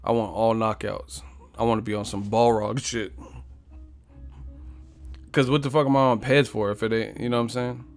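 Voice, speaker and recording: A man's voice: on the low side, fairly even intonation, moderate pace, pauses often, faint music behind. A man hosting a boxing live stream in a casual, profane, joking way, reading viewer comments aloud and trash-talking back at them.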